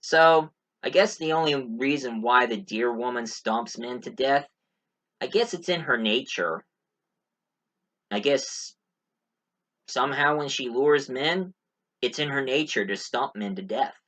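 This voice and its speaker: A man's voice: mid-range voice, measured pace, pauses often, fairly bright tone, poor audio. Casual male movie reviewer, rambling and jokey. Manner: rambling, many fillers, joking asides.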